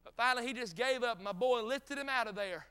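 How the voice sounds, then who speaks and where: A middle-aged man preaching a revival sermon in a North Carolina drawl. His voice sits very high and sounds clear and smooth, with a bright, forceful edge. He tells stories folksy-style, cracks jokes and climbs to shouted peaks. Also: a little fast. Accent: North Carolina Southern. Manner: folksy, joking asides, rising to shouted peaks.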